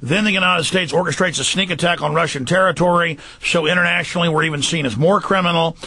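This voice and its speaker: A man hosting a talk radio show, speaking in an urgent, rapid, forceful monologue with fillers. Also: on the high side, fairly even intonation, breathy edge, no echo.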